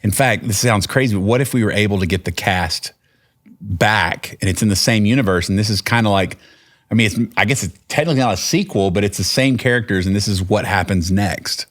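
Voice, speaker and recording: A man's voice: lowish voice, a little fast, a bit bright. A man with a Texan accent telling a long personal story in casual conversation, rambling with restarts and acted-out quotes. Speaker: podcast guest, singer-songwriter.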